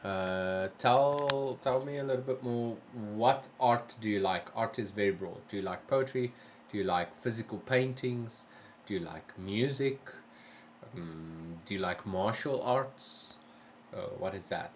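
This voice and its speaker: Slow, low-voiced man hosting a stream. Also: a little hiss or hum. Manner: easygoing, careful and polite, asks many questions. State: tired, yawning. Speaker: live stream host. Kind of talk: casual live-stream chat, reading chat aloud.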